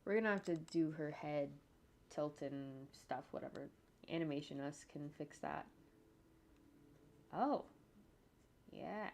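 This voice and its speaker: Slow, low-voiced woman thinking aloud. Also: darkish tone, a little hiss or hum. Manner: thinks aloud, jokey asides, hums to herself. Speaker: animator. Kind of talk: casual narration while working on screen. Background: faint computer keyboard typing and clicks.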